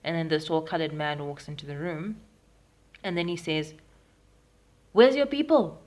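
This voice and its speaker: A woman's voice: sits low, level tone, moderate pace. A young Zimbabwean woman recording a personal video diary at home, retelling events frankly with frequent ums. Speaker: vlogger. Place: at home in Harare.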